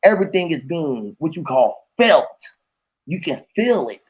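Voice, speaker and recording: Husky-voiced man in rambling casual chat. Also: fairly high pitch, measured pace. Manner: rambling, animated, swears freely, slangy. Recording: dull lo-fi audio.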